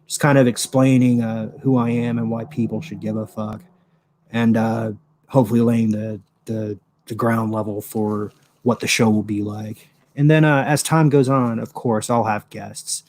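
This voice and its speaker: Rambling, flat-voiced man hosting a show. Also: lowish voice, normal speed. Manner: rambling, profane, lots of fillers. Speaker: show host. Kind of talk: casual solo commentary. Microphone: desktop microphone with pop filter.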